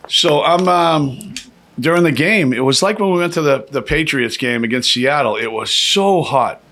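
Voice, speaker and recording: A man telling a long, animated and profane story in a casual podcast chat, acting out quoted lines in a raised voice. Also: a little high, moderate pace.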